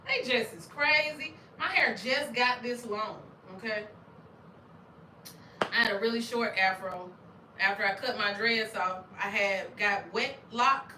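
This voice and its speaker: A middle-aged woman from Arkansas, hosting a casual chat, animated and laughing often with loud exclamations. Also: fairly high pitch, moderate pace, slight background noise. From Arkansas, USA. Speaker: channel host. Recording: roomy sound, distant from mic.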